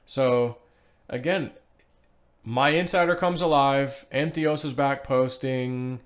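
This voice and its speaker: A man in the middle of his range talks straight to his audience and wanders from thought to thought. He reads posts out loud and trails off into fillers. Every so often he chuckles to himself. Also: mid-range voice, slow. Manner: rambling, animated, laughs to himself, frequent fillers. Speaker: vlogger. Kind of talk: casual solo commentary reading social posts aloud.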